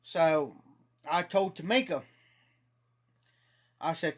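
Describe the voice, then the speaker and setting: A man's voice: a little high, slow, long pauses. Folksy man telling a rambling story. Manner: rambling, folksy, laughs at his own story. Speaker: live stream host. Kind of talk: casual storytelling.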